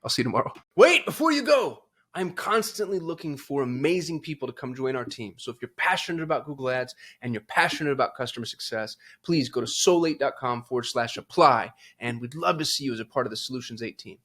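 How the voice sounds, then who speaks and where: A man's voice: mid-range voice, quick pace, hardly any pauses, a bit bright. A man who hosts his own channel, talking to camera in a fired-up, emphatic way with frequent restarts and fillers. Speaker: agency owner and channel host. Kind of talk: fired-up casual talk to camera.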